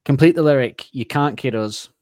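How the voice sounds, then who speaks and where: A man's voice: mid-range voice, normal speed, a little mellow, no room sound, clean studio sound. A man hosting a casual podcast quiz, teasing the players and laughing as he reads out questions.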